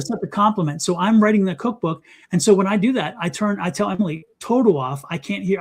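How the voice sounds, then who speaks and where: A middle-aged man with a high voice, speaking as a psychic guest on a talk show. He talks in an animated, emphatic way and repeats his commands to drive them home. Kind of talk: live psychic reading and advice.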